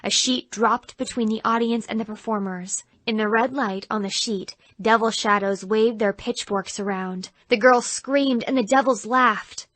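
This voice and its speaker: A woman narrating an audiobook in an even, clear storytelling voice. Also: fairly high pitch, a little slow, hardly any pauses, no room sound.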